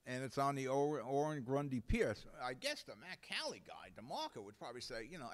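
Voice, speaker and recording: A New man hosts a live local talk show in a blunt, indignant rant. His pitch swings widely as he works himself up. He curses freely and talks straight at the viewer. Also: very animated, a little fast, hardly any pauses. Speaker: host.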